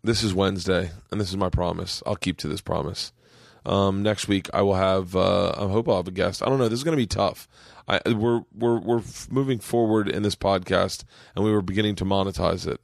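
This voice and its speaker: An American man hosting a casual podcast at home, rambling through jokes and swearing freely. His voice is low and gravelly with a lot of fry. The sound is dry and close to the mic. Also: fairly quick, no room sound. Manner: profane, joking, rambling. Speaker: podcast host. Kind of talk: casual chat. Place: home studio.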